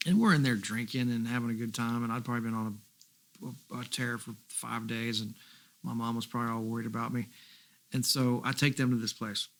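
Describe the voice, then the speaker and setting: A man's voice: medium pitch, fairly quick. A middle-aged man, a guest musician, casually telling rambling anecdotes and quoting others along the way. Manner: relaxed rambling anecdotes, quotes others, swears. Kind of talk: casual storytelling.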